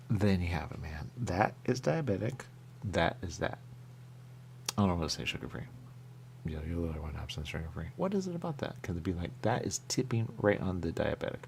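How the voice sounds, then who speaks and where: This radio host has a low-pitched, creaky, somewhat mellow voice, heard over faint background noise. He samples pastries while chatting casually, playful and rambling, hopping between ideas.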